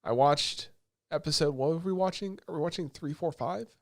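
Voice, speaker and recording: A man co-hosting a podcast, excitedly retelling scenes in casual chat and swearing often. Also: a little high, moderate pace, no echo, clean studio sound. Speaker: podcast co-host.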